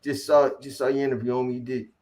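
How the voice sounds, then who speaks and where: A man hosting a casual livestream, reading off viewer names in quick shout-outs and slangy greetings. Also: medium pitch, flat delivery. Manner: rattles off viewer shout-outs, slangy, calls people boy. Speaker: livestream host.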